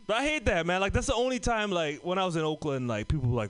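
High-voiced, animated stand-up comedian man. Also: quick pace, faint music behind. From Trinidad and Tobago. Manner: profane, laughs through his lines.

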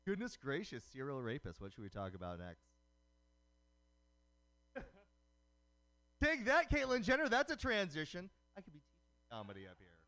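A man doing a stand-up comedy set of quick puns, performed live for a radio show. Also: fairly high pitch, wildly swooping pitch, pushed and bright. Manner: punning, quick joke delivery. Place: comedy night broadcast on radio.

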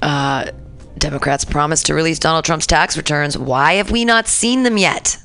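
A woman's voice: deep voice, moderate pace, vocal fry, a bit bright, soft background music. A woman hosting a radio show, ranting casually and profanely about politics and talking back to the news. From San Francisco area. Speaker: radio host.

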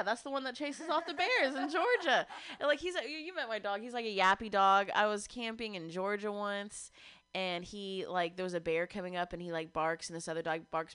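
A woman's voice: medium pitch, a bit bright, clear, resonant tone, no echo. A woman telling a long, rambling story on a radio show, laughing often as she goes. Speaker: radio guest. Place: radio studio.

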